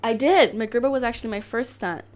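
A woman's voice: on the high side, fast talker. A woman guest on a podcast chatting casually about her stunt work, with frequent laughs and restarts.

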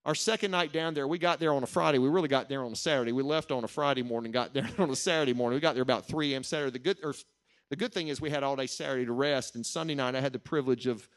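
A middle-aged man with a medium-pitched voice preaches a sermon. He earnestly tells a personal story, slowing down to stress the key lines.

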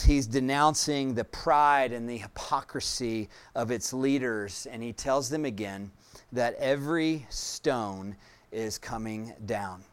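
A man preaching a sermon as pastor, earnest, with frequent fillers and pauses. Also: mid-range voice, smooth.

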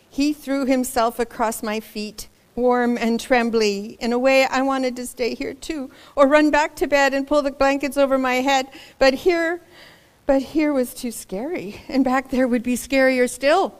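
Slow, expressive woman reading a storybook. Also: high voice, clear, resonant tone. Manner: expressive, dramatic, with asides to young listeners. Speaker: storybook reader. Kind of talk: reading a children's picture book aloud.

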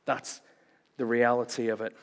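A man's voice: medium pitch, flat delivery, moderate pace. Man preaching in a reverberant hall. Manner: dramatic shifts between loud declarations and hushed lines; playful, punchy rhetorical questions. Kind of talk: sermon.

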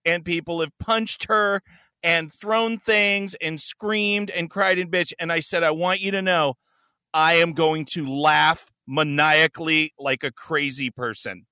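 Man, podcast host, crude animated storytelling, sharp bright voice, dry sound. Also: fairly high pitch, a little slow, clean tone, dry recording. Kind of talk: casual storytelling chat.

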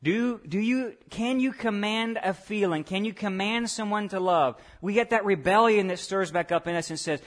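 Preaching at a moderate pace with few pauses, a male pastor whose voice sits high addresses his congregation. He poses direct questions and switches between quiet asides and loud, forceful emphasis.

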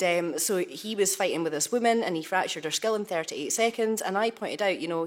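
Woman guest recounting her story; casual, filler-heavy, fairly low pitch, remote call sound. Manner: chatty, colloquial, many fillers. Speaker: panel guest, law student. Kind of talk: telling her story on a panel.

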